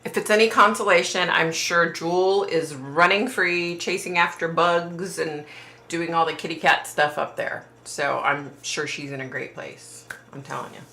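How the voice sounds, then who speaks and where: Low-voiced woman hosting a chatty livestream. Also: steady tone, normal speed, pushed and bright. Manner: chatty and sympathetic, trailing off with fillers. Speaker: livestream host reading viewer chat. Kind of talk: casual live chat. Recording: roomy echo.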